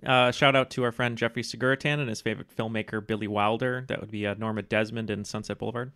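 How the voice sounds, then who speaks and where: A man's voice: lowish voice, fairly even intonation, fast talker, fairly bright tone. A man playing solo in a podcast trivia game, answering confidently and joking drily. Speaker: solo quiz contestant. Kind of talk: casual podcast talk.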